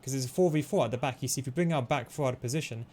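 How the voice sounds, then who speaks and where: A man giving fast, analytical play-by-play commentary over his own football video game match, explaining tactics with frequent fillers. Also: medium pitch, darkish tone. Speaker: gaming tutorial host. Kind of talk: gameplay commentary.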